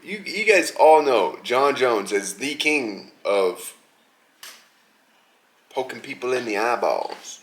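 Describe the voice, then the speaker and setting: A man hosts a podcast and delivers a heated, profane rant. His voice is sharp and bright, and he stays mocking and fired up throughout. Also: medium pitch, big pitch swings, slow pace, long pauses. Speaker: podcast host. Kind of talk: angry rant.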